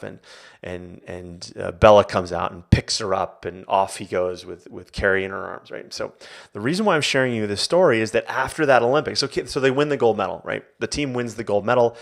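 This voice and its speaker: A middle-aged man with a fairly low voice tells a story in a loose, casual live-stream way. He acts out the people in it and keeps checking in with his listeners. He sounds like a coach talking to athletes and parents. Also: creaky. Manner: animated storyteller, acts out quotes, frequent "right?". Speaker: coach and Olympian hosting a live Q&A.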